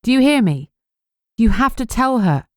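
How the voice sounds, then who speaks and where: A woman's voice: medium pitch, lively intonation, fairly quick, darkish tone, smooth, no echo, clean studio sound, voice pushed up, close to an everyday voice. A woman voicing a shaken but stubborn young heroine, talking in urgent, breathless bursts. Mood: commanding.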